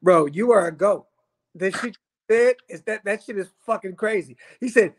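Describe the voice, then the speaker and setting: High-pitched male host, profane hype man for his guest. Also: normal speed. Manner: hyped, profane, eggs the guest on. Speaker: podcast host. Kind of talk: casual chat.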